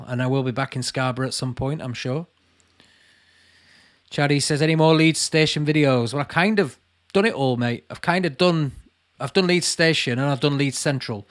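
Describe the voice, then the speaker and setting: A man in his late thirties with a Lancashire accent, chatting casually on a livestream, reading viewer comments aloud and calling people mate. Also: medium pitch. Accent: Lancashire English. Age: late 30s. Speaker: channel host answering live chat.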